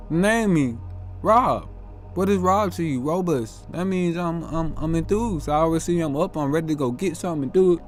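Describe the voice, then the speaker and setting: A man hosting a reflective motivational monologue, earnest and self-questioning, drawing out his words as he muses. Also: high voice. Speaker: host.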